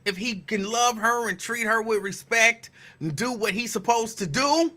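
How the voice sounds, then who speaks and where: A man hosting a casual live talk show, greeting listeners by name and teasing them playfully with loud, emphatic bursts. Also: very high-pitched, normal speed. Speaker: radio host. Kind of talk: casual live-show chat reading listener shout-outs.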